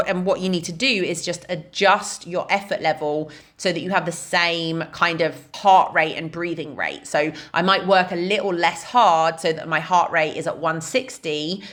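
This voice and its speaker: Chatty woman fitness coach, low voice. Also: moderate pace, few pauses, fairly bright tone. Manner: chatty, frequent "like" and "right?" fillers. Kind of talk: casual explanatory talk.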